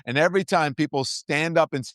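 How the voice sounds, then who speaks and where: A man's voice: on the high side, brisk, fairly bright tone, dry recording, clean studio sound. A middle-aged man hosting a political talk show, speaking emphatically and repeating his points for stress. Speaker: host.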